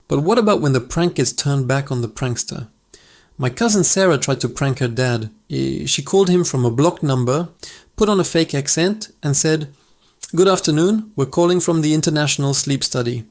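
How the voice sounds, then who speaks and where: A man narrates funny stories for his channel in an upbeat, chatty way. His voice sits at an ordinary middle pitch, and the telling sounds scripted but relaxed. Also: normal speed. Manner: upbeat, conversational storyteller. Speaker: channel host.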